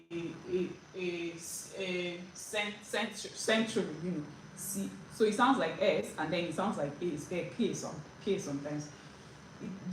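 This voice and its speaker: A woman giving a casual spoken language lesson, chatty, with frequent "like" and "right?" and many restarts. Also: fairly low pitch. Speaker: language teacher. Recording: roomy echo, distant mic, faint background noise.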